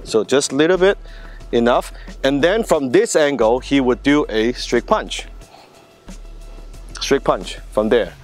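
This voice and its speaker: A man's voice: mid-range voice, lively intonation, unhurried, long pauses. A man coaching a partner drill while demonstrating it, walking through each movement step by step. He keeps checking in with short questions to the viewer. Faint music plays underneath. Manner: explains step by step, checks in with "right?" and "see that?". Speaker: martial arts instructor. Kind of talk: hands-on demonstration lesson.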